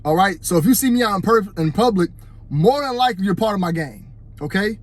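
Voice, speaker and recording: High-voiced man preaching into a phone. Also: animated, a little fast. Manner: preachy, addresses "fellas", repeats "you know what I'm saying". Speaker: vlogger. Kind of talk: casual opinion monologue.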